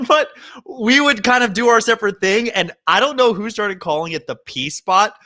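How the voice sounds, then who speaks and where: A man hosting a podcast, chatting casually and telling rambling, animated stories. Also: sits high, moderate pace. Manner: animated storyteller, rambling asides. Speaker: podcast host. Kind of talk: casual chat. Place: Hoboken.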